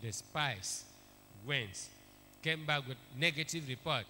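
A man's voice: medium pitch, animated, slow pace, sharp tone, slight background noise. A man preaching a sermon, emphatic, repeating key phrases and calling for amens. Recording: echoey hall with long reverb.

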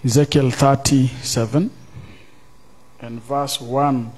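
A man preaching as pastor at a church service, reading scripture aloud, questioning the congregation and rising into loud, drawn-out emphasis. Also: medium pitch, fairly even intonation, slightly rough. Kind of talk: sermon.

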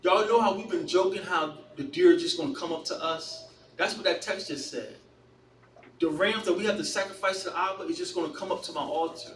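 A man leading a casual Bible study, animated and storytelling, often repeating himself. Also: high voice, a little fast. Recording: echoey room, mic far off, faint noise.

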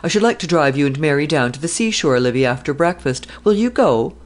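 A woman's voice: low voice, expressive, brisk. Woman doing a cheery young captain, talks on and on, breezy, audiobook read. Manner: breezy, chatty.

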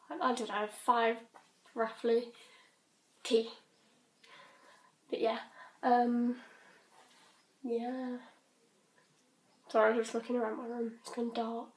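A British teenage girl rambling casually in her bedroom, scattered and quick to giggle. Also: fairly high pitch, darkish tone. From Britain. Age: teens. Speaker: vlogger. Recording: roomy bedroom echo.

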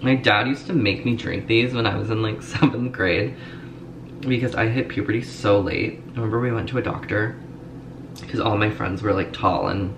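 A young man vlogs casually to camera from home and in a car in Los Angeles, rambling with plenty of fillers. His lowish voice moves at a normal speed, and the home recording has clear ambient noise.

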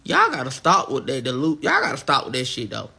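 A man's voice: medium pitch, huge pitch swings, brisk, gravelly, pushed and bright, slightly rough. A young man talking to his viewers on a livestream, upset and defensive, his voice strained and tearful. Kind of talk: emotional livestream chat.

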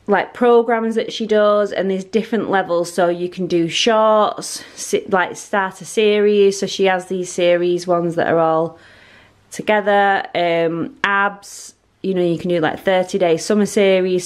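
A woman, chatting casually and rambling while filming her home on a handheld phone. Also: medium pitch. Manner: chatty, rambling, self-deprecating. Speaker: vlogger. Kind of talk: casual home vlog chat. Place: family home, indoors.

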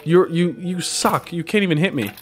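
Playing a video game on stream over background music, a young man keeps up goofy, casual commentary, bantering with the game and his viewers. His voice is on the high side, at a normal speed.

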